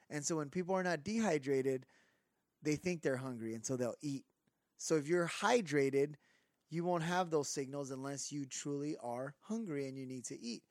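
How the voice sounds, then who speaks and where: Man ranting in a higher voice. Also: no room sound, studio quality. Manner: rambling, animated, drops fillers like "like". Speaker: podcast co-host. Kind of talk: casual rant.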